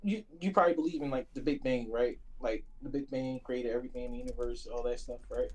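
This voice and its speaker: A man's voice: medium pitch, fast, low-quality recording. A man calling in to a casual debate, hesitant and apologetic, often stopping to search for words. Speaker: caller.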